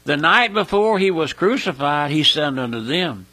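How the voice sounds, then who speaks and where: A man preaching a fiery sermon, emphatic and repetitive, who cries out in sudden high bursts. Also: moderate pace, few pauses, pushed and bright, slightly rough.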